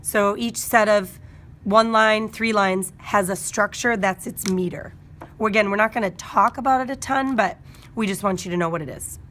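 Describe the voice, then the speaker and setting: A woman's voice: mid-range voice, moderate pace, a bit bright, a little hiss or hum. A woman teacher patiently explaining a lesson step by step, with simple spoken examples.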